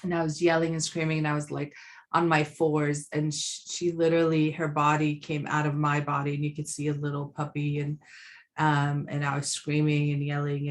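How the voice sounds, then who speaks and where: Female podcast host, low pitch, slow and reflective delivery. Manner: slow, reflective, with many fillers. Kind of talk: conversational podcast talk.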